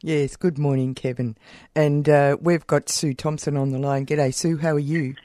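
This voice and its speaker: A radio host interviewing a guest, halting and searching for words. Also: mid-range voice, fairly even intonation, mellow, no room sound. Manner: halting, lots of "uh" fillers while searching for words.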